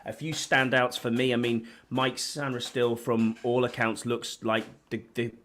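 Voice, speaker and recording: A man's voice: mid-range voice, flat delivery, measured pace, fairly bright tone, slight background noise. A man from the northeast of England with a northern English accent, co-hosting a casual podcast chat while worn out by a flu, rambling with many restarts. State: tired with a flu. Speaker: podcast co-host.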